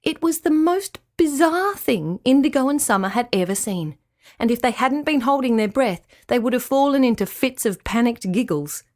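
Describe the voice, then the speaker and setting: A woman reading a children's animal story aloud, gentle and expressive. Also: a little high, normal speed.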